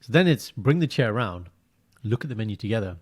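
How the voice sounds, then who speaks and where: A man, co-hosting a podcast in casual chat, telling stories with animation that often drops to a quiet, low-key delivery. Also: big pitch swings, fast talker, slightly rough. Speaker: podcast co-host.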